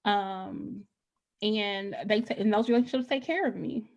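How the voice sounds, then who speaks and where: Casting: woman, podcast guest, blunt and profane, loose conversational delivery, mid-pitched. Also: unhurried, vocal fry. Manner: frank, profane, repeats words as she restarts. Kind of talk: casual candid chat.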